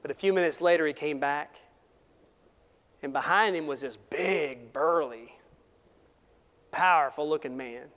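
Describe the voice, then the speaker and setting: A man preaching a sermon as pastor, passionate and rising in force, then falling to soft, quiet lines. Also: on the high side, measured pace, long pauses. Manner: impassioned preaching with sudden drops to soft tones. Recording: long hall reverb.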